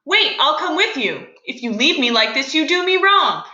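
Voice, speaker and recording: A woman reading aloud as a patient young man who gently coaxes his cousin to open up. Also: sits high, sing-song, moderate pace, muffled recording, pitched above the performer's own voice, heavily acted. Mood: coaxing. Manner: gentle, coaxing questions. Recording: roomy echo.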